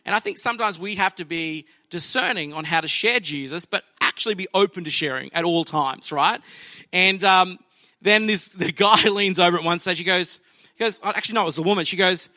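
A man's voice: high-pitched, fairly quick, bright, forceful tone, dry recording, clean studio sound. A man preaching a sermon in a church, telling a personal story in a chatty anecdotal way and acting out the voices of people in it. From Australia.

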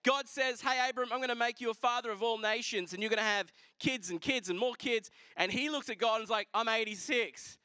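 Bright-voiced man preaching a sermon. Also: very high voice, a little fast, hardly any pauses, clean tone, no echo. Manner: animated storytelling with casual asides. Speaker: pastor.

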